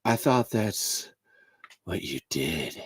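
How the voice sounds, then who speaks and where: A man voicing a cringy, over-seductive narrator reading a steamy novel in a deep, slow, breathy voice. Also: sing-song, dry recording, clean studio sound, heavily acted. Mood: sultry.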